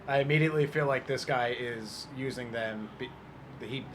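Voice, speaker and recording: A man's voice: mid-range voice, normal speed, background noise. A man playing in a tabletop game, thinking aloud in casual chat. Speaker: player.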